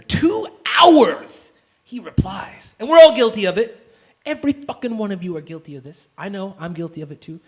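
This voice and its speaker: A man doing a profane stand-up comedy rant, swinging between muttered asides and shouted outbursts. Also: sits high.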